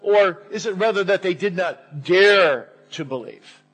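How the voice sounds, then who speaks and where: A man preaching a sermon to a church congregation, deliberate, lifting his voice on key phrases. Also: sits high, fairly bright tone, husky, low-quality recording. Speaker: pastor.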